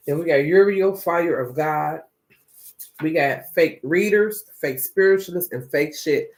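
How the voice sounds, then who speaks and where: Guy doing a tarot reading, kinda high voice, cussing and rambling, aave slang. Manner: profane, rambling, slangy and animated. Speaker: tarot reader. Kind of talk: casual tarot reading monologue.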